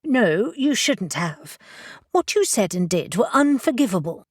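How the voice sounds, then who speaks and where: A woman's voice: mid-range voice, big pitch swings, unhurried, slightly rough, dry recording, clean studio sound. A woman voicing a prickly, defiant woman executive in an audiobook, with a biting manner. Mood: cold.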